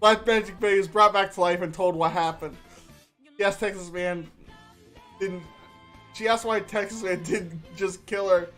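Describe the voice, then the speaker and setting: A man's voice: high voice, steady tone, normal speed, pauses often, a bit bright, faint music behind. A man streaming live, reading an AI-made story aloud and laughing often as he goes.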